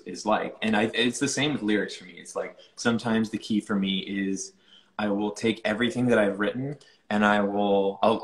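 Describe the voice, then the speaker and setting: A man's voice: fairly low pitch, roomy sound. A young man answering interview questions casually, rambling with many fillers and restarts. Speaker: musician being interviewed.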